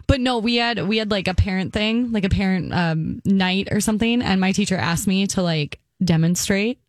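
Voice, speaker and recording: A radio co-host chatting casually, talking in halting bursts full of fillers. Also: mid-range voice, no echo. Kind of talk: casual chat.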